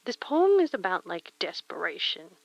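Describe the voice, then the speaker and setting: A young woman streamer chatting softly and reading poems aloud in a breathy, near-whispered voice through a retro telephone-style mic filter. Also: on the low side, big pitch swings, normal speed, dry recording. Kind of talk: casual chat and poetry reading. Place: home streaming room. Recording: filtered lo-fi mic with faint rain.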